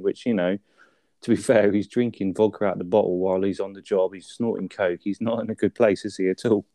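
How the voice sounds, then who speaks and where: Mellow low-voiced man. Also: steady tone, brisk, dry recording. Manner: sweary, chatty, tag questions. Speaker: podcast co-host. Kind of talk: casual film review chat.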